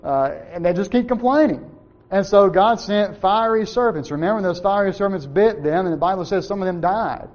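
A man's voice: sits high, moderate pace, a little mellow, lo-fi sound. A man preaching a sermon, asking his listeners questions and answering them himself, and briefly acting out the words of the people in his story. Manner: asks the congregation questions and answers them, acts out short quotes.

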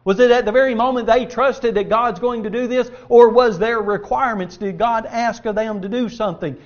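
A man's voice: very high-pitched, steady tone, brisk, muffled recording. A man preaching a sermon and reading scripture aloud, earnest and folksy, asking his listeners rhetorical questions.

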